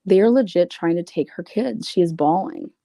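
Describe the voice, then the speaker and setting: A woman's voice: on the low side, expressive, moderate pace, gravelly, mellow, dry recording, studio quality. A woman reading out private messages and commenting on them in a blunt, profane, sarcastic way. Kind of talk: casual commentary reading screenshots.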